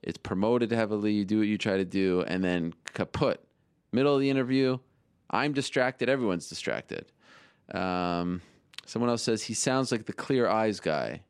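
A man hosting a show, chatting casually and teasing his co-hosts with quick questions. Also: on the low side, clear, resonant tone, dry recording, clean studio sound. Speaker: host. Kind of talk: casual chat.

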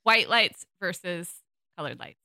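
A woman's voice: on the low side, lively intonation, measured pace, sharp tone, no room sound, clean studio sound. A woman co-hosting a podcast, chatting casually and enthusiastically in gushing asides. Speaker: podcast co-host. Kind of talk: casual chat.

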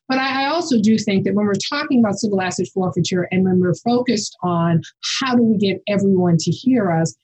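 A woman professor speaking as a podcast guest, her voice dark, mellow and very husky. She talks with passion and force, pressing each point home. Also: mid-range voice, low-quality recording. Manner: impassioned and forceful. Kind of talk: casual podcast conversation.

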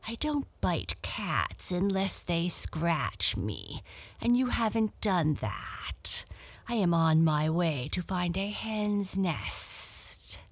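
A woman reading a storybook aloud and voicing a calm, matter-of-fact male snake, slow and partly whispered. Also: on the low side, no echo, exaggerated voice.

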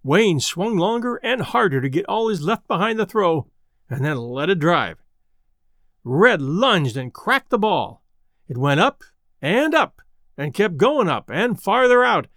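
A man narrating a story with a lively, expressive reading. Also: high voice, no room sound, studio quality. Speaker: audiobook narrator.

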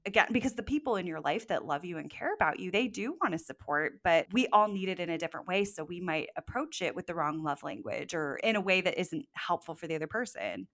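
A woman hosting a podcast, speaking in a warm, thoughtful, conversational way. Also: fairly low pitch, lively intonation, quick pace, hardly any pauses. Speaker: podcast host. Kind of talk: casual podcast interview chat.

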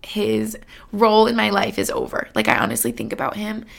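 A woman in her twenties talks to her audience in an earnest, chatty way, full of fillers and little laughs. Her voice sits at an average pitch with a gravelly vocal fry running through it. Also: very animated, fairly quick. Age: 20s. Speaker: vlogger. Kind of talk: casual talk to camera.

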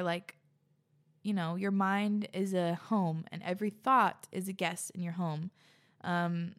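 A woman hosting a podcast in a casual, gushing way, reading listener letters and reacting with lots of "like". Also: mid-range voice. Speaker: podcast host.

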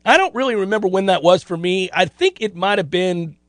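A middle-aged man hosting a sports radio show, chatting casually and telling stories in an animated, self-deprecating way. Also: sits high, a little fast, no room sound. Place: radio studio.

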